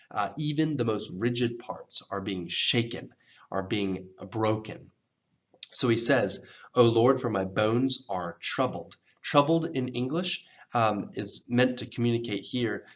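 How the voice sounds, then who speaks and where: Male English teacher, lowish voice, patient explainer, slightly muffled lo-fi recording. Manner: slow, deliberate explaining, with expressive read-aloud examples. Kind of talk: pronunciation lesson reading scripture.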